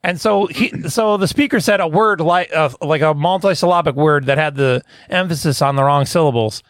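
A man's voice: fairly high pitch, normal speed, dry recording, clean studio sound. A man co-hosting a comedy podcast, telling stories in casual chat and laughing often. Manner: animated storyteller, laughs often. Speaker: podcast co-host.

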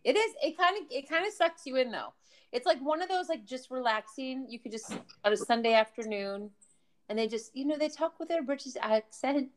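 A woman's voice: high-pitched, expressive, a little fast. A woman co-hosting a family podcast who chats casually and teases playfully. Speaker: podcast co-host.

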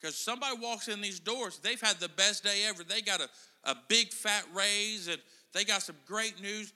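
A man's voice: sits high, normal speed, bright, forceful tone. A middle-aged man preaching a casual sermon in a church, chatting and joking with the congregation. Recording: church hall reverb.

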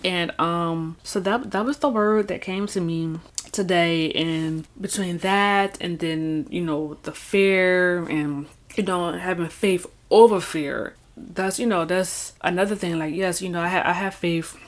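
A woman with a fairly low voice talks about her faith in a loose, rambling way. She says "you know" and "y'all" constantly. She brings quotes to life with an animated voice. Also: measured pace. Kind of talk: casual faith talk to camera.

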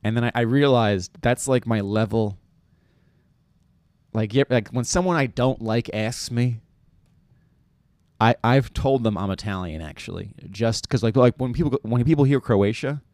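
Recorded in studio quality with no echo, this young New York man speaks in a medium-pitched, slightly mellow voice at normal speed, rambling through a self-deprecating comedic monologue packed with fillers and restarts.

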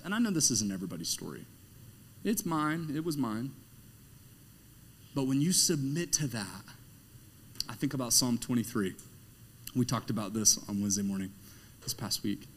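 A man, the pastor, preaching a sermon in a conversational, emphatic way, swinging between hushed moments and loud, animated ones and asking the congregation rhetorical questions. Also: medium pitch, normal speed, long pauses, a little hiss or hum.

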